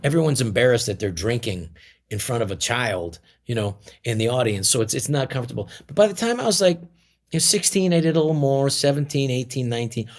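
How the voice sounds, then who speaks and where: Middle-aged guy on a talk show, rambling, lots of um and restarts, mid pitch. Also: expressive, fast talker. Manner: rambling, many restarts and fillers. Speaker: comedian guest. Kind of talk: casual interview storytelling.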